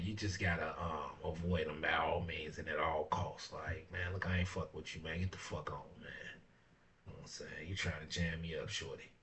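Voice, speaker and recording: A man hosting his own talk show, speaking in a blunt, profane way, filling his talk with "man" and swinging from low mutters to heated rants. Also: sharp tone, far from the mic, a little hiss or hum. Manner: blunt and profane, fillers of "man" and "you know what I'm saying". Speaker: barber and show host. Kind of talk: casual talk monologue. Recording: dull lo-fi sound, speaker off-mic.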